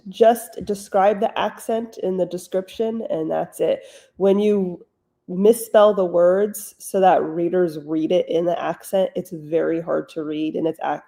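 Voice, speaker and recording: A woman's voice: on the low side, creaky, warm tone. A woman author hosting a live writing stream from home, answering chat questions in a blunt, wry, casual way.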